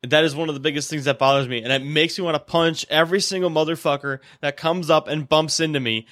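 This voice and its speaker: Young dude, bit high voice, crude and blunt, dry sound. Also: male voice, fairly even intonation, quick pace, a bit bright, no room sound. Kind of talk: casual chat.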